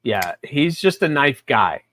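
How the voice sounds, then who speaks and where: A man co-hosting a live chat, laid-back and halting, often searching for his words. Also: mid-range voice, big pitch swings, sharp tone. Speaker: co-host and knife sharpener.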